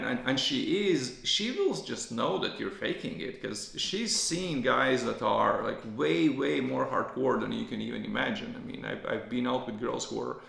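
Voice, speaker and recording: A man hosts a podcast in a loose, casual monologue, circling back on his words and restarting sentences as he goes. His voice sits at a middling pitch but is heavily gravelly with vocal fry. The room around him gives a noticeable echo. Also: a bit bright. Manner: rambling, with many restarts and repeated words. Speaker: podcast host. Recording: roomy echo.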